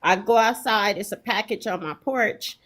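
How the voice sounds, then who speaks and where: A middle-aged woman telling a story in an animated, profane way, full of emphatic repetition. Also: medium pitch, normal speed.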